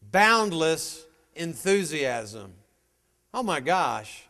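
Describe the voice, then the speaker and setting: A man giving an energetic motivational speech to a live sales audience, firing rhetorical questions at the crowd. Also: fairly high pitch, extremely slow. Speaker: motivational speaker at a sales meeting. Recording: long hall reverb.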